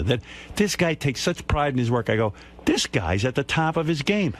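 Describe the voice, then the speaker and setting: Blunt, lively New radio host. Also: male voice, mid-range voice, moderate pace. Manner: blunt, lecturing, animated. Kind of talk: on-air advice to a caller.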